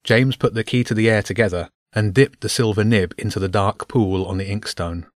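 A man narrating a children's adventure story aloud with an expressive reading. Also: lowish voice, a little fast, dry recording, studio quality.

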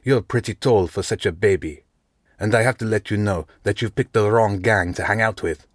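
A man's voice: lowish voice, normal speed, no room sound, clean studio sound, close to an everyday voice. A man reading an audiobook, voicing a big, scowling teenage school bully who talks with contempt. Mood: sneering.

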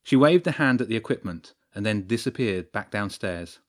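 A man narrating a story in a steady storytelling voice. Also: on the low side, normal speed. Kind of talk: scripted narration.

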